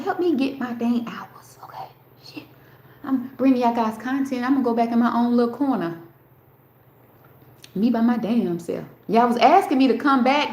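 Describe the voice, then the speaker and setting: Chatty woman livestreaming in an echoey room. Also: a little high. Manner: rambling, talks straight to her chat, swears freely. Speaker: livestream host. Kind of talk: casual live-stream chat. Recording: roomy echo.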